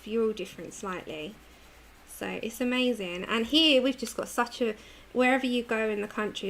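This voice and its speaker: A woman's voice: medium pitch, vocal fry, a bit bright, a little hiss or hum. A British woman hosting a livestream, chatting casually while she colours, laughing often and answering viewer comments. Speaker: livestream host.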